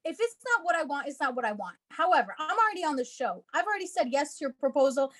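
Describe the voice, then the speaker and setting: A woman's voice: high voice, expressive, quick pace, a bit bright. A woman co-hosting a podcast in casual chat, blunt and emphatic, swearing freely. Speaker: podcast co-host.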